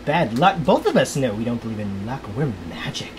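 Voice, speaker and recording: A woman's voice: rumbling low, sing-song, a little fast, noisy background. A woman voicing a doting, possessive sorceress bride who talks in syrupy pet names.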